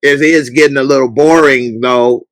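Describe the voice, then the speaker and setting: A man hosting a casual podcast livestream, chatting loosely and breaking into loud, mocking outbursts. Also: medium pitch, steady tone, moderate pace, no echo. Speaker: podcast host.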